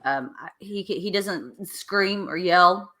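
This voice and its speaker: A woman's voice: fairly low pitch, slow pace, noisy background. A woman hosting a casual chat, asking questions with lots of fillers and restarts. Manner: curious, asks questions with frequent fillers. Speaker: host.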